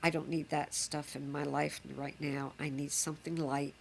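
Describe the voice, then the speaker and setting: Older nana rambling fondly, low gravelly voice, faint hiss behind. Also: female voice, level tone, normal speed. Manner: chatty, fond, rambling with fillers. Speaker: grandmother. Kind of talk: reminiscing home recording.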